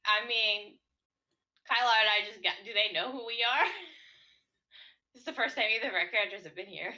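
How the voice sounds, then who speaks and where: A woman's voice: medium pitch, fairly quick, pushed and bright, highs cut off. A young woman chatting as a player in a tabletop game, giggly and hesitant. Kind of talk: casual chat during a tabletop game.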